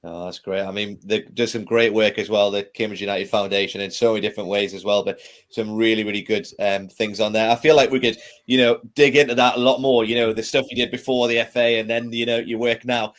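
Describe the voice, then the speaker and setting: Friendly podcast host, casual and chatty. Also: male voice, on the low side, little pitch movement, brisk. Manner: friendly, leans on fillers like "you know". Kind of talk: casual interview chat.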